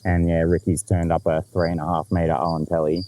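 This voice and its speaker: A young Australian man hosting a podcast, telling a story in a lively, sweary, laughing way. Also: low voice, fast talker, slight background noise, rough recording. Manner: animated, swears freely, laughs often. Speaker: podcast host. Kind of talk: casual storytelling chat.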